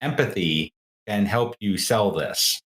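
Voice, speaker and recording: A man as game master, calmly explaining rules and narrating a tabletop game in a measured way. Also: on the low side. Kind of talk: running a tabletop game online.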